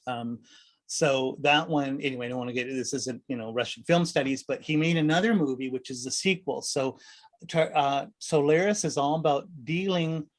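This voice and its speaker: A man leading a meditation class, talking in a loose, conversational way, often asking "right?" and acting out little voices. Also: moderate pace. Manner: rambling, conversational, full of rhetorical "right?"; acts out voices with sudden high pitch jumps. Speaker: meditation teacher. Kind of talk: casual dharma class talk.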